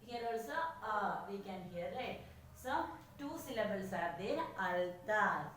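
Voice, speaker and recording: Slow, echoey woman teacher. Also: medium pitch, lively intonation, a bit bright, far from the mic. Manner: slow, repeats each word many times. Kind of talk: classroom lesson on syllables. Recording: echoey room, voice from afar, faint noise.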